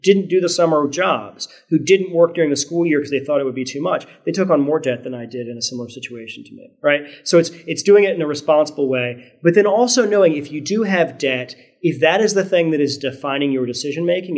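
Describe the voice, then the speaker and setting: A middle-aged Virginian man with a largely standard American accent and a slight Southern edge speaks as a guest on a conversational podcast interview. His voice sits a little high with a darkish tone, moving fairly quickly with barely any pauses. He sounds earnest and reflective, frequently restarting sentences and tacking on "right?".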